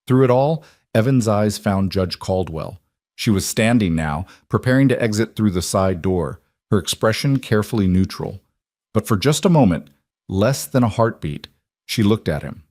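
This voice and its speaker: Male narrator, lowish dry voice, steady scripted storytelling. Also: normal speed, no room sound.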